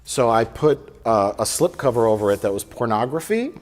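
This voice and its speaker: A man's voice: medium pitch, expressive, fairly quick, heavy background noise. A man chatting casually about movies as a reviewer, rambling and joking, often breaking into laughter. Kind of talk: casual chat.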